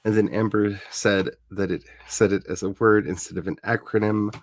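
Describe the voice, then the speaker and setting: A man's voice: fairly low pitch, steady tone, moderate pace. A man talking casually on a livestream as he builds his fictional world, chatty and playful, addressing his viewers and grumbling at his browser.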